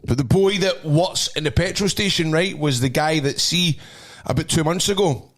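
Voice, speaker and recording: A man's voice: fairly high pitch, moderate pace. A Scottish man hosting a podcast, telling rambling, swearing stories in casual banter with lots of laughing. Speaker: podcast host.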